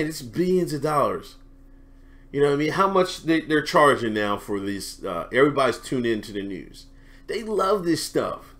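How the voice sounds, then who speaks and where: Lively, bright-voiced male commentator. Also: fairly high pitch. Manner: animated, laughs often, slangy and talkative. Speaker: commentary vlogger. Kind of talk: casual reaction commentary.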